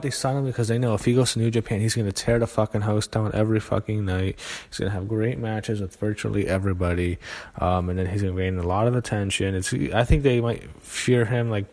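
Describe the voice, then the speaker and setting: A man with a fairly low voice talks through a show he is reviewing. He rants bluntly and swears freely, sounding exasperated and casual. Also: a little mellow. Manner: blunt, profane, exasperated ranting.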